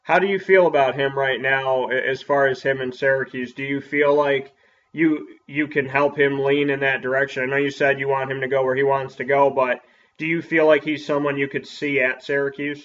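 A man who is a sports broadcaster, reading an upbeat ad spot and then asking quick interview questions. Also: medium pitch, little pitch movement, fairly bright tone, lo-fi sound.

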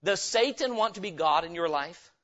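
A pastor preaches with a high, ringing voice in a church. He is emphatic and keeps turning his points into questions for the congregation. The recording sounds dull and lo-fi. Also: animated, normal speed, fairly bright tone. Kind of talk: revival sermon. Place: church sanctuary.

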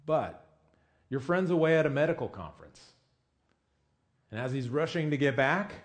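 A pastor preaches a sermon in a casual, conversational style, often asking his listeners questions and frequently saying "I mean" and "you know." His voice is fairly high and animated, at a normal speed, with frequent pauses.

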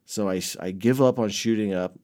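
A man casually telling a rambling, heavily profane story about his past, with many restarts, swinging between muttered asides and loud bursts. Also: on the low side, brisk. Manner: rambling, heavy swearing, frequent restarts.

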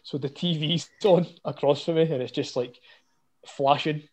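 Scottish man, podcast co-host, lively storyteller. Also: fairly high pitch, moderate pace. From Scotland. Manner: animated storytelling, swearing. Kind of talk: casual podcast chat.

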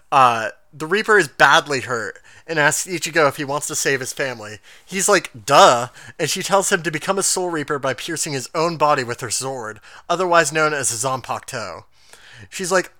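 A man co-hosting a casual podcast, recapping an anime episode in an animated way, laughing often and quoting characters in quick asides. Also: a little high, no room sound, clean studio sound. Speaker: podcast co-host.

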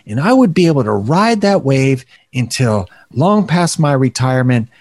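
A man co-hosting a podcast, recorded dry and close with no room sound. He talks in a relaxed, chatty way, with a self-deprecating streak. His pitch sits in the middle range for a man. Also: moderate pace, no echo. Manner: self-deprecating, animated, laughs at himself. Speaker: podcast co-host. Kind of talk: casual podcast conversation.

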